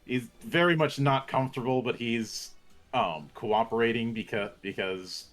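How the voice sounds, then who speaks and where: A man running a tabletop game as game master, halting and restarting words as he narrates. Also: mid-range voice, a bit bright, soft background music.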